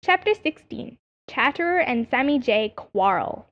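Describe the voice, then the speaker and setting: A woman narrating a children's animal story as an audiobook reader, in an expressive storytelling manner. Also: sits high, measured pace. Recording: dull lo-fi audiobook recording.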